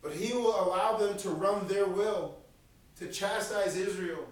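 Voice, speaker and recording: Animated preacher in a big echoey room. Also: male voice, high voice, a little slow, far from the mic. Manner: animated, acts out voices of God and prophets. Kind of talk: sermon.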